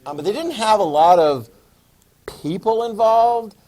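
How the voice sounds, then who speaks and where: A man's voice: sits high, lively intonation, unhurried, a little mellow. A man teaching a history class, chatty and quizzing his students as he goes. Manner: chatty, asks the class questions. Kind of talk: classroom lecture.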